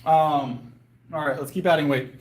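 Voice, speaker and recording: A man's voice: fairly high pitch, fairly even intonation, normal speed. A man chatting casually with viewers on a livestream, rambling and hesitant with lots of fillers and restarts, his voice getting worn, outdoors in a yard. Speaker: livestreamer and powerlifter. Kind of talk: casual live chat with viewers.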